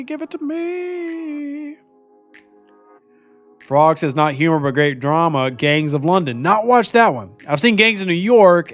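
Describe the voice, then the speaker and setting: A man's voice: mid-range voice, dull audio. A man streaming a mobile game, chatting casually and jokingly while reading viewer comments aloud. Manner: chatty, jokey, laughs often, reads viewer comments aloud. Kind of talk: casual live-stream chat while playing.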